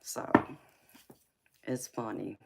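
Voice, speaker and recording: A woman's voice: extremely slow, very noisy. A woman from Los Angeles with a Southern accent, chatting casually on a live stream and answering viewers' comments. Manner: chatty, laughs often, reads out viewer comments. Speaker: tarot reader streamer.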